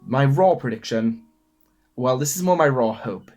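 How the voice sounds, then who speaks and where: An excitable young man runs through his weekly picks on his own podcast, gushing and tripping over his words as a fan would. His voice sits at a middle pitch, with faint music playing beneath it. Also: normal speed. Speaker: podcast host. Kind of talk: solo wrestling podcast rundown.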